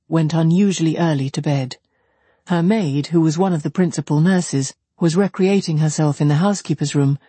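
Mellow husky audiobook narrator. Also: medium pitch, no room sound. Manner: measured, even reading. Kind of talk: classic novel audiobook reading.

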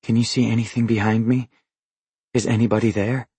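A man's voice: mid-range voice, level tone, a little fast, mellow, slightly rough, dry recording. A man reading an audiobook, voicing a guarded young woman who asks clipped, probing questions in a slightly raised tone. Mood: wary. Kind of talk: audiobook character voice.

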